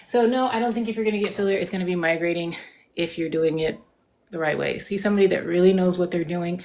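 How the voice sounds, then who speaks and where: A woman's voice: on the low side, quick pace, a little mellow. A woman cosmetic nurse practitioner in casual live-stream chat, emphatic and informal, saying "like" a lot. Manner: chatty, emphatic, says "like" and "dude" often. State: getting out of breath.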